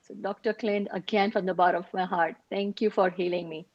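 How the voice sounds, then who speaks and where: A woman's voice: on the low side, steady tone, fairly quick, dry recording, lo-fi sound. Heartfelt woman giving thanks on a call. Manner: heartfelt, grateful, gets emotional. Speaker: participant sharing a healing story. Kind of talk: emotional testimonial on a video call. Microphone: video call.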